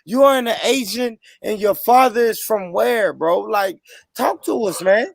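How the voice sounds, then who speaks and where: A man hosts a heated, casual debate, pressing his guests and repeating his points. His voice sits high and gravelly and leaps around in pitch. The sound is dry and close. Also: expressive, unhurried, dry recording. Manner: emphatic, repetitive, interrupting, profane. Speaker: podcast host.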